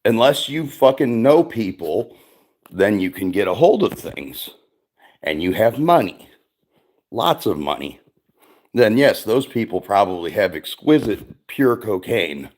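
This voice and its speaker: A man's voice: on the low side, a little mellow. A middle-aged man hosting a livestream, telling stories in casual chat, profane and rambling, with many fillers. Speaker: streamer host.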